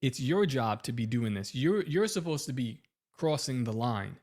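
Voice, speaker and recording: A man's voice: medium pitch, sing-song, normal speed. Ranting man podcast co-host. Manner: heated, rising into loud ranting. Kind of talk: casual podcast rant.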